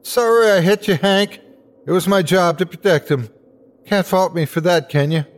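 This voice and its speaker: A man's voice: on the low side, lively intonation, a little slow, a little mellow. A man voicing an elderly male neighbor, desperate and unhinged, calling out in a strained, pleading way in a horror audio story. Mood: yelling.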